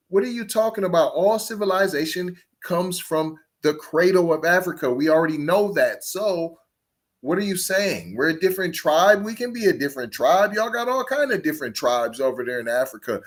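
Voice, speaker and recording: A man hosting a podcast, reacting to a clip in a confrontational way with rapid rhetorical questions. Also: sits high. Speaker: podcast host. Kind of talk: reaction commentary.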